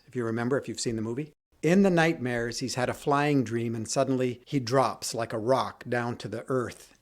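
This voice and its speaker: A man hosting his own podcast, telling a personal story and acting out quoted dialogue with lively shifts in voice. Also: mid-range voice. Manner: retells scenes, quoting dialogue in lively voices. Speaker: podcast host.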